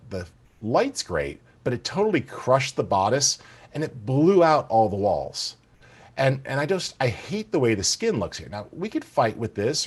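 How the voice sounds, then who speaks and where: A middle-aged man giving an enthusiastic live software demonstration, talking straight to the viewers and checking in with them often. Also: medium pitch, breathy edge. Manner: enthusiastic, addresses viewers directly with "guys" and "right?". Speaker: software presenter.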